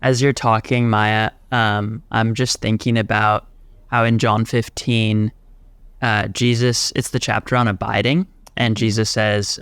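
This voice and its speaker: A man's voice: fairly low pitch, flat delivery, measured pace, fairly bright tone, smooth, no room sound. A man hosting a podcast, speaking reflectively and asking thoughtful questions in a casual interview. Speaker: podcast host.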